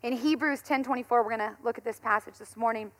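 A woman in her thirties, a pastor giving a conversational sermon, telling stories in an animated way and laughing often. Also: a little high, quick pace.

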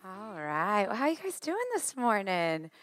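A woman in her thirties preaching a sermon, chatty and joking, her voice a little worn and hoarse. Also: mid-range voice, unhurried, soft background music. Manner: chatty, joking, lively asides. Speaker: pastor.

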